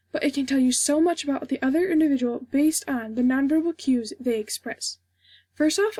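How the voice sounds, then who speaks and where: A young woman, a student, reading out a formal informative speech for a class in a steady, scripted way. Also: high voice, dry recording.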